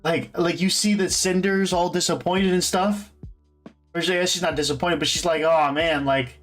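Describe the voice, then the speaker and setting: Young guy, kinda high voice, rambling fan chat about a show, lots of likes and restarts, faint music behind. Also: fairly even intonation, moderate pace, fairly bright tone. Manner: rambling, full of fillers and restarts. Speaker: host. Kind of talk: casual fan commentary.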